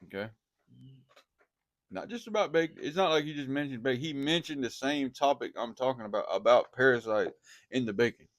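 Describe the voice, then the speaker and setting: Animated preacher man, dry sound. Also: medium pitch, a little fast, no room sound. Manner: animated, repeats himself, talks straight to viewers. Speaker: online preacher. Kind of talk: casual monologue to viewers.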